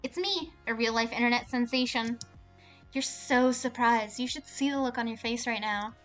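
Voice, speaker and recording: A woman's voice: a little high, moderate pace, fairly bright tone, soft background music, close to an everyday voice. A woman voicing a smug, playful young woman who turns into a cat and is an internet celebrity, speaking in a teasing, showy way. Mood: boastful.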